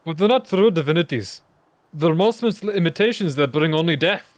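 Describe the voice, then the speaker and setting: A man's voice: fairly high pitch, animated, normal speed, dry recording, close to an everyday voice. A man voicing a modest, grateful fisherman from a village, as a fan reading of game dialogue on a dull home mic. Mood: earnest. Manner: friendly, modest.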